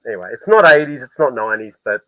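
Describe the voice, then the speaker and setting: A man from Australia co-hosting a casual music chat, relaxed and chatty, swearing casually. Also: medium pitch, fast talker, no room sound, rough recording. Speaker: music show co-host.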